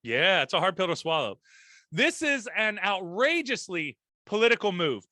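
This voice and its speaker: A young man jokes brashly through a casual podcast, his voice high and bright. He drops crude slang between news passages read aloud. The sound is dry and close. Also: sing-song, moderate pace, dry recording. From United States. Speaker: co-host.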